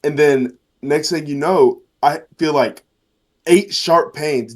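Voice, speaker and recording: A man in his late teens, a podcast guest in casual chat, excitable and swearing often as he says bro. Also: a little high, measured pace.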